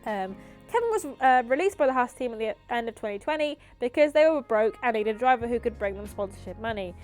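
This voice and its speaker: Woman streamer, high and animated, reading slides aloud with dry quips. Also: quick pace, soft background music. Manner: wry, dry asides while reading. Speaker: livestream host.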